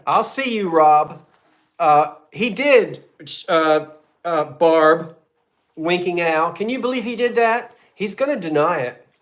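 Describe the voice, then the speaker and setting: Slow-talking guy running a live auction, jokey, counting down bids, kinda high voice. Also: expressive, fairly bright tone. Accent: American. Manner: teasing, chatty, counts down bids. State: coughing fits. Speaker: live sale host. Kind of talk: live auction selling chat.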